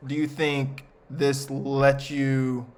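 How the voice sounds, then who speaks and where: A man's voice: medium pitch, completely flat delivery, very slow. Teasing man hosting a podcast. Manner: joking, teasing. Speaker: podcast host. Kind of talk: casual chat.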